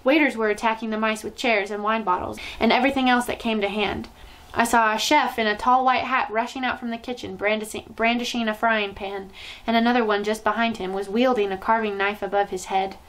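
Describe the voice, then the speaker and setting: A woman reads a children's novel aloud as a storyteller. Her voice sits slightly high and she keeps the narration lively and expressive. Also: a little fast, low-quality recording.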